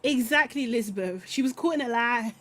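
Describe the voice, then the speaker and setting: Woman ranting on a live recap show, opinionated, laughy, slightly high voice. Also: brisk. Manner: animated, opinionated, laughs often, trails off mid-thought. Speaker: podcast host reacting to a reality show. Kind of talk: casual live recap chat.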